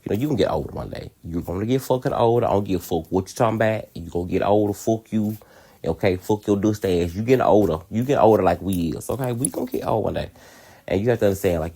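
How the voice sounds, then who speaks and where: A man's voice: low-pitched, darkish tone. A man hosting a podcast, telling a personal story in a candid, profane way and laughing often. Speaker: podcast host.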